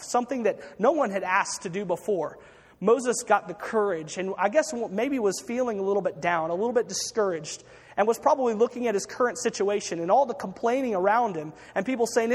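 Man, preacher, sermon, high voice, storytelling, long hall reverb. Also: breathy edge. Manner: storytelling with acted quotes, frequent restarts.

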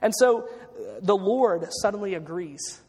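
A man's voice: high voice, animated, unhurried, a little mellow, slightly rough, in a large hall. A man preaching a sermon, retelling a story with acted-out quotes and frequent restarts.

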